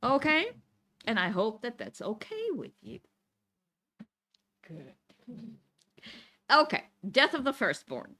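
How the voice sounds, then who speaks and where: Woman teaching a bible class, higher voice, takes it slow, keeps saying okay?. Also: big pitch swings, pushed and bright. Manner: explains Hebrew words and reads verses aloud. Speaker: Torah teacher. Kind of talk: congregation Bible lesson. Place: synagogue classroom.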